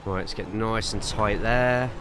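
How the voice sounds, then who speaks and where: Against a noisy background, a fairly low-pitched English man talks at a measured pace with fairly even intonation. He's live-streaming a racing sim, chatty and rambling, reading viewer chat aloud in between driving tips.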